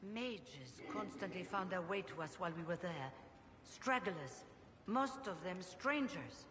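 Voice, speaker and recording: A woman voicing an older female former rebel mage, speaking in a measured, wistful and regretful way. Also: lowish voice, animated, background noise. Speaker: game character. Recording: game audio with long reverb and ambience.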